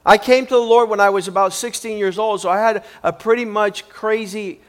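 Pastor, male, high voice, preaching with emphatic, repetitive force. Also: steady tone, brisk, clear, resonant tone. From Cuban upbringing. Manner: emphatic, repetitive, building in intensity. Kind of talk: sermon.

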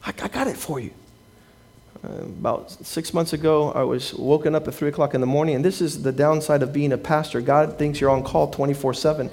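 A pastor preaching in a notably high voice for a man. He tells his stories with life and puts on the voices of the people in them, moving between quiet asides and louder punchlines. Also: steady tone, a little fast. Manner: storytelling, acting out the people he quotes. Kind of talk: sermon.

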